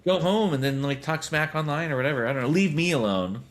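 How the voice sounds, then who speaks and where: A man's voice: fairly high pitch, expressive, fast talker. A man in his thirties hosting a podcast, telling rambling stories full of fillers and chuckles. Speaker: podcast host. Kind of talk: casual podcast chat.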